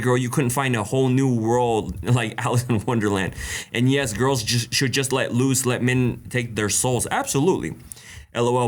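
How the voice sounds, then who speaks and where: A man hosting a live stream Q&A, reading viewer questions aloud and answering them with blunt, animated advice, laughing often and greeting chatters by name. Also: mid-range voice. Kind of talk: casual live-stream chat.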